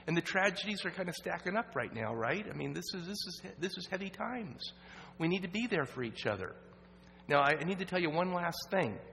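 A man's voice: high voice, very animated, creaky. Earnest man preaching in a reverberant hall. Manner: earnest, halting with restarts, drops to a hush at sad moments. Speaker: guest speaker at a church evening program. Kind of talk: storytelling sermon. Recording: roomy reverb with faint hum.

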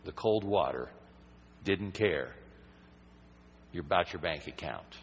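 A man's voice: sits low, expressive, takes it slowly, long reverb tail, slight background noise, rough recording. A man preaching a sermon in a conversational, rambling way that builds to emphatic points.

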